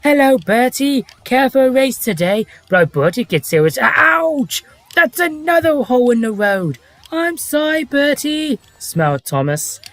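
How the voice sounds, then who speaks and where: A man doing an impression of a storybook train narrator, lilting and rising into high character lines. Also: very animated, a little slow, fairly bright tone, no room sound, exaggerated voice. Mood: storytelling.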